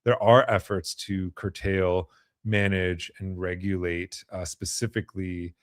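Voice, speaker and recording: A man's voice: sits low, little pitch movement, unhurried, dry recording, studio quality. A man hosting a podcast interview, talking thoughtfully with many fillers and restarts. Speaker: podcast host. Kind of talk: conversational interview.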